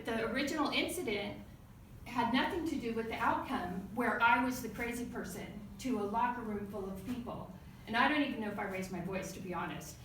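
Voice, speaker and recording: A woman from the United States giving a storytelling speech at a club meeting, acting out a quarrel with sudden loud outbursts. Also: on the high side, a little hiss or hum. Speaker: club speaker. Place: meeting room. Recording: echoey room from far off.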